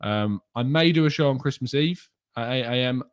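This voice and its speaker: A man's voice: medium pitch, normal speed, smooth. A young man hosting a casual live stream, chatting and reading out viewers' names and comments. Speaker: host.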